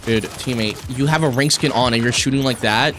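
A young man streaming a shooter game, commenting live with profane, excitable and frustrated outbursts. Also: mid-range voice, a little fast, background noise. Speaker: gaming streamer.

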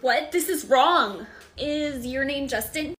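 A woman's voice: high voice, takes it slowly, a bit bright. A young woman acting as a put-upon barista in comedy sketches. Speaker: sketch co-performer.

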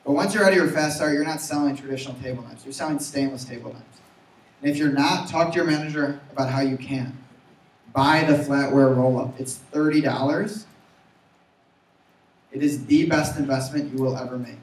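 Energetic man giving a sales talk, echoey room. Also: medium pitch, normal speed. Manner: energetic, asks audience to repeat. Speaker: sales trainer. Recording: roomy, from far off.

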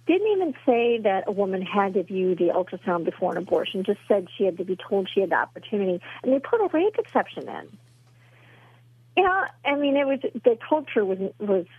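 A pro-life advocate relates her story as a podcast interview guest, her speech earnest, impassioned and full of "you know." Her medium-pitched, slightly rough voice arrives over a tinny, dry phone line.

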